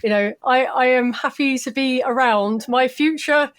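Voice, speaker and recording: A woman's voice: high-pitched, a little slow, clear, resonant tone. A woman student speaking on a live panel in a reflective, rambling way, with frequent restarts.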